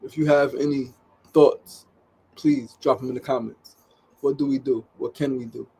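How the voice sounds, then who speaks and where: In an impassioned livestream monologue from the studio, the host of a daily live show begs his viewers urgently, cursing frequently and hammering phrases through repetition. He speaks at normal speed in a mid-range, mellow, slightly rough voice with fairly even intonation.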